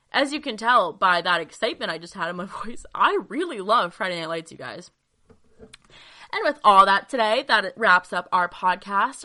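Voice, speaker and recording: A woman's voice: medium pitch, sharp tone. A young woman hosting her own podcast, chatting casually and gushing, with lots of fillers. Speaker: podcast host. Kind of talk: casual solo podcast chat.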